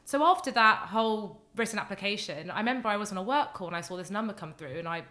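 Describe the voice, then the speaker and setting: A young woman guest telling a story in casual chat, animated and acting out the voices of others. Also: mid-range voice, fast. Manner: animated, acts out quoted voices, talks in long excited runs. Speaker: guest, baking contestant.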